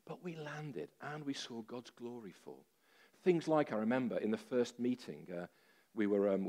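A man preaching a sermon, telling a story with lively, self-deprecating humor and many fillers. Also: on the low side.

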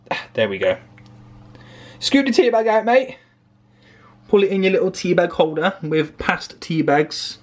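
Filming on a handheld phone in his home kitchen, a man vlogs a playful cooking demo, narrating each step with jokes. His voice is on the high side with a darkish tone.

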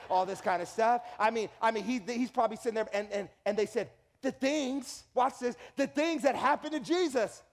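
A pastor preaching a sermon, telling stories in an animated way, acting out quotes and often restarting his sentences. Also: very high voice, fairly quick. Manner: animated storytelling with acted quotes and repeated restarts.

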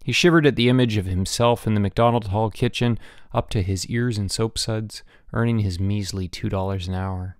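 A man narrating a children's audiobook in an expressive storytelling manner, changing his voice for different characters. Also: on the low side, moderate pace, no room sound, clean studio sound.

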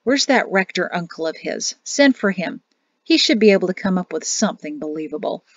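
A woman's voice: fairly low pitch, expressive, brisk, dry recording. Woman voicing a blunt army surgeon. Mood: matter-of-fact. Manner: dry, matter-of-fact. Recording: dull dry home recording.

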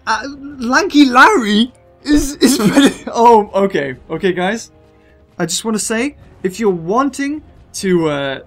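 A British gaming video host provides excitable gameplay commentary in a high-pitched voice, gushing and laughing between his lines.

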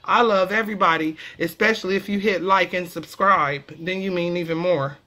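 Woman vlogger, casual comedic explainer; animated and cheeky with a sharp, bright tone. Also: on the low side, normal speed. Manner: animated, profane, playful banter.

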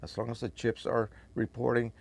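A man's voice: mid-range voice, fairly even intonation, moderate pace, gravelly, a little mellow. A man from Spain, hosting a photo printing video, reads an old post aloud and breaks in with chatty, emphatic asides.

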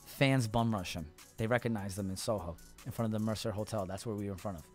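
A man in his thirties, a rapper guest, telling a long story in a lively, profane way and acting out the people in it. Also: fairly low pitch, fast talker, soft background music. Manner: animated, profane, acts out voices in his story. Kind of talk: casual storytelling.

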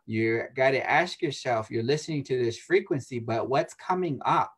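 Animated man explaining spiritual ideas. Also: mid-range voice, normal speed, slightly rough. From United States. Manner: animated, laughs often and acts out quoted voices. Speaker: interview guest, shaman. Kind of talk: casual spiritual talk.

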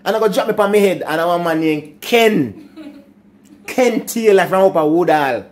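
This older man, speaking in patois with a Jamaican accent, shares stories from his youth in a casual chat. His voice is high-pitched and lively, his pace fairly quick, and he often laughs and turns to talk with his grandsons.

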